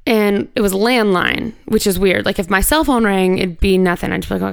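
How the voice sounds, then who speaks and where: A woman speaks with a gravelly edge and a smooth, resonant tone. She tells a personal story as an interview guest, casual and candid, full of "like" and a few swear words. The sound is close and dry. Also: medium pitch, fairly quick, dry recording. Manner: conversational, heavy use of "like", candid with swearing.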